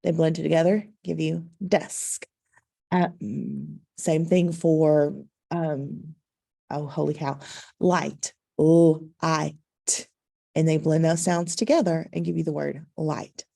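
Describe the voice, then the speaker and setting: A woman's voice: sits low, steady tone, slow, creaky, mellow, breathy edge. A woman teacher explaining to parents, patient and instructive, with frequent ums. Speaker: second-grade teacher.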